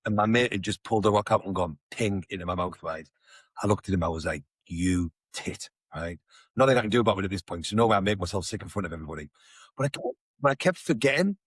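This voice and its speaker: Podcast co-host, low husky voice, quick slangy storytelling, dry close mic. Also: male voice, dry recording. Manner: fast, slangy, swears freely. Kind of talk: casual storytelling chat.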